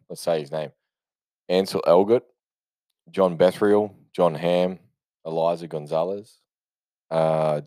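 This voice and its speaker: A man with an extremely deep, mellow voice talks loosely through a film he loves. His delivery is rambling and offhand, peppered with swearing and false starts. The sound is dry and close, with no room around it. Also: no room sound. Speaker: film reviewer. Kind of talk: casual unscripted movie review.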